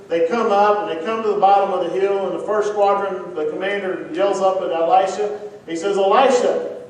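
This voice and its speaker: A man with a Texan accent preaching a sermon as pastor, telling stories in a conversational way and dropping to quiet emphasis. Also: on the high side. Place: church sanctuary. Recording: echoey church from far off, faint noise.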